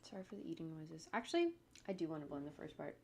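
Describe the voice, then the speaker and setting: A woman's voice: low voice, animated, quick pace, creaky, a little mellow, slightly rough. A woman animator talking casually to her livestream viewers at home as she works, thinking aloud in a chatty, rambling way. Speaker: animator streaming her work. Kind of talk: casual livestream talk while working.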